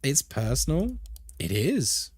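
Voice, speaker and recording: A man's voice: mid-range voice, wildly swooping pitch, takes it slowly, breathy edge, no echo. Chatty British man streaming games. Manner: chatty, laughs a lot, reads chat aloud. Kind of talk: casual live-stream chat.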